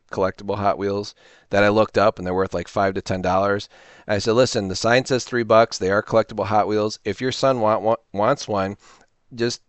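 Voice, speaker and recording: Guy with a low smooth voice rambling about his garage sale, casual vlog talk, dry sound. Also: dry recording. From Illinois, US. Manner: rambling, animated storytelling with quoted voices. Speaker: reseller channel host. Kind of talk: casual talking-to-camera vlog.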